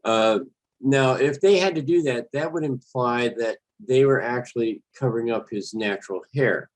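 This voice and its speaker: A man's voice: mid-range voice, moderate pace, low-quality recording. A man hosting a solo podcast, talking casually and hesitantly, with many fillers and self-corrections. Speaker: podcast host.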